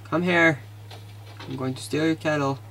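A man casually commentating his video game, excitable and easily frustrated, muttering to himself. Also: fairly high pitch, normal speed. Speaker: gamer.

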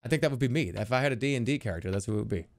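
A man streaming a video game in casual, jokey commentary, reading the on-screen text aloud and reacting with excitement. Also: medium pitch, racing.

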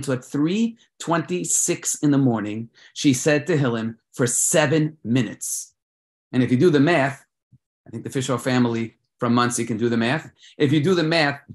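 A man hosting a children's prayer event, telling a story with dramatic swings between loud and soft. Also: medium pitch. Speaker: host leading children in prayer.

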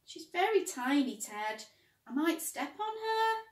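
A woman voicing a lonely, gentle male odd sock in a storybook, with a wistful, pleading voice. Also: high voice, very animated, slow, pitched above the performer's own voice, heavily acted. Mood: worried. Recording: roomy, distant mic.

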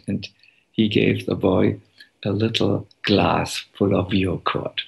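A man giving a devotional talk as a monk, telling a story in an unhurried, gentle way with many pauses. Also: lowish voice, fairly even intonation, vocal fry.

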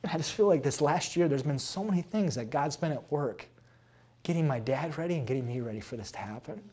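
A man from South Dakota, a pastor, telling a story in an animated, expressive way and laughing at his own tales. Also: a little high, quick pace, slightly rough. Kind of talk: sermon-style storytelling talk.

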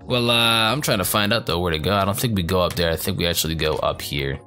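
A young man giving casual, profane commentary over his gameplay, joking, rambling and reacting loudly to what happens on screen. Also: sits low, quick pace. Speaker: let's play gamer. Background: faint game music.

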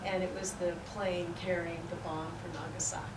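A woman reminiscing and reading poetry aloud at a peace forum, in an unhurried, warmly reminiscing way. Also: fairly low pitch, level tone. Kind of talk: spoken recollection and poetry reading. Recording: roomy, distant, noisy event recording.

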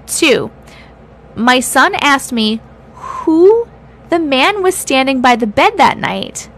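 A woman hosting a livestream, reading viewers' stories aloud with feeling, pausing to react and teasing her chat bluntly. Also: high voice, big pitch swings, fairly bright tone.

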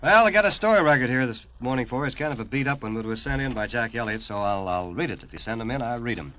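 A man's voice: mid-range voice, animated, very fast, over music. A man hosting a morning radio show, chatty and folksy as he reads a listener's story. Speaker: radio disc jockey. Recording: dull 1950s radio aircheck.

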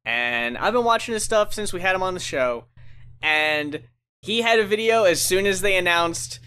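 A woman in casual review chat, animated, blunt and freely swearing. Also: lowish voice, moderate pace, clear, resonant tone.

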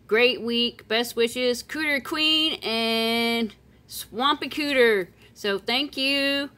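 Female collector vlogger, higher voice, unhurried and playful, with sing-song outbursts. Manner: playful, chatty, with excited squeals and sing-song calls. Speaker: silver coin collector vlogger. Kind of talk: casual unboxing chat.

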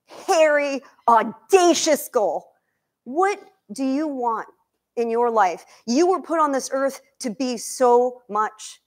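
High, energetic woman addressing an audience. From Egypt. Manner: energetic, questions the audience, emotional. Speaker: nutrition coach and cookbook author. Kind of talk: lively cooking demo talk to a live audience. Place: demo kitchen with audience.

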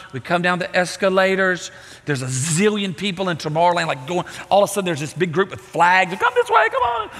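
Guy preaching, acts out the story, kinda high pitched, long reverb like a big church. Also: a little hiss or hum. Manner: animated storytelling, acting out voices. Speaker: pastor. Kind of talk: sermon. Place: church sanctuary.

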